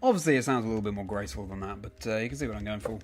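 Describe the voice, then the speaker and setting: A man's voice: lowish voice, racing, noisy background. Chatty man streaming games. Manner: chatty, answers chat by name, rambling self-corrections. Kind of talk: casual live-stream chat.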